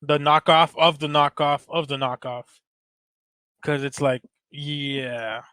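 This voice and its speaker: A man co-hosting a casual podcast in a joking, slangy, laid-back way, with a bit of swearing. His voice is fairly high and very bright and forceful. It sounds dry and close, with almost no room around it. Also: flat delivery, slow, smooth, no echo. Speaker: podcast co-host. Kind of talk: casual chat.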